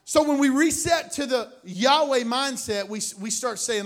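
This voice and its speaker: High-voiced man preaching a lively sermon. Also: a little slow, hardly any pauses. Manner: animated preaching, swings between loud bursts and low asides. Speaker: pastor.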